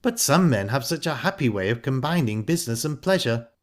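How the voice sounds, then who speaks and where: A man voicing a calm, sharp-tongued young woman who speaks in a pointed, ironic way. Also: medium pitch, fairly quick, voice pushed up, lightly acted. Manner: cool, pointed and cutting.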